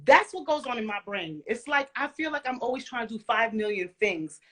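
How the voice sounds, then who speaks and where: A woman telling animated stories in a casual interview chat, laughing often and using casual slang. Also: a little high, brisk. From Caribbean and Central American family background. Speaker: guest, former music video dancer.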